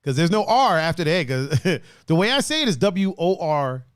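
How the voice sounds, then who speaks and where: A man's voice: fairly high pitch, big pitch swings, fairly quick, clear, resonant tone, no room sound, clean studio sound. A man with an East Coast accent and D.C. slang, hosting a casual livestream chat, laid-back and laughing often. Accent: East Coast, D.C. and Baltimore slang. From Washington, D.C. area. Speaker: host.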